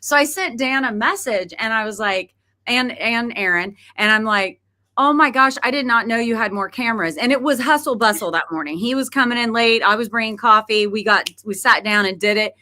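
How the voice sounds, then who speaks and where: A woman's voice: a little high, a little fast, bright, forceful tone. A middle-aged woman hosting a podcast, chatting casually and laughing often as she tells stories. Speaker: podcast host. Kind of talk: casual chat.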